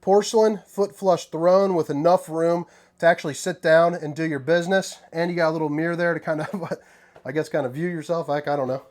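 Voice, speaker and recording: A man's voice: a little high, fairly quick. Folksy man giving a casual RV tour. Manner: folksy, joking, relaxed slang. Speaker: RV tour host. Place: inside an RV.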